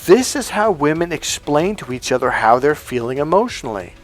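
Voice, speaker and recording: A man's voice: on the high side, sing-song, a little fast, soft background music. A man giving a blunt, profane coaching monologue on dating, emphatic and acting out quoted lines.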